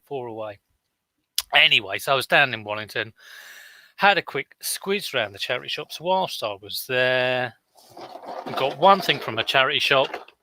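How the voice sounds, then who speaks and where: A man's voice: mid-range voice, pushed and bright, no room sound, low-quality recording. A middle-aged man, rambling through anecdotes in a casual vlog chat with viewers. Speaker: online reseller vlogger.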